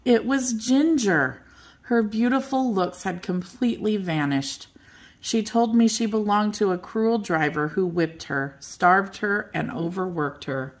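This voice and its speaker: An older woman reading a children's bedtime story aloud in a gentle, expressive way. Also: medium pitch, measured pace.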